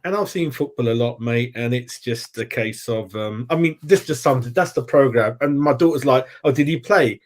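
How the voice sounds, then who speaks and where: Rambling fan-channel host. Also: male voice, medium pitch, moderate pace, few pauses. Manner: rambling, animated, lots of "mate". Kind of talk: casual football fan chat.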